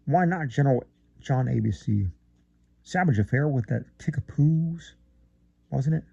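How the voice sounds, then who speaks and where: A man reading aloud, voicing an affected gentleman who drawls out his syllables. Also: medium pitch, vocal fry, slightly rough, no room sound, muffled recording, heavily acted.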